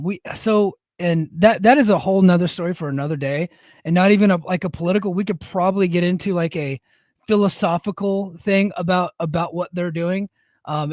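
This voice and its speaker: A man's voice: high-pitched, a little mellow, dry recording, clean studio sound. Easygoing male podcast co-host. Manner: easygoing, reads out chat names. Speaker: Air Force service member in leadership. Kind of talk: casual chat.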